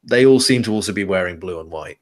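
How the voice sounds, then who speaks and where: A man's voice: low voice, expressive, fast. A man narrating a tabletop game as game master, loose and rambling. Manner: loose, rambling, full of fillers and restarts.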